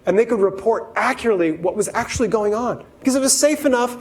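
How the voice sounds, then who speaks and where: High-voiced man giving a keynote. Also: fast talker, poor audio. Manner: lively, acts out quoted voices, talks straight to the audience. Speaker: keynote speaker. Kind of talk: workplace keynote talk to a live audience.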